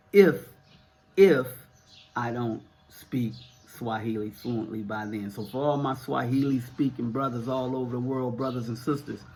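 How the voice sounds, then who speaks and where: Middle-aged american guy, northern accent, husky voice, rambly vlog chat with lots of uhs. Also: medium pitch. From United States. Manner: rambling, repeats words, many fillers. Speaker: vlogger answering viewer questions. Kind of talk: casual to-camera talk.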